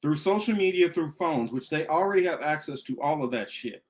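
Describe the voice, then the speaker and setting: A man's voice: a little high, lively intonation, a little fast, darkish tone. A man hosting a political talk show, ranting emphatically with heavy profanity and repetition. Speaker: podcast host.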